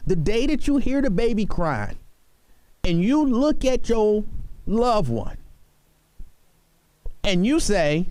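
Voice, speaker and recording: A man's voice: high-pitched, sing-song, slow, long pauses, a little mellow, no echo. A man hosting a talk radio show, speaking earnestly and pleading with his listeners, repeating himself for emphasis. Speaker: radio host.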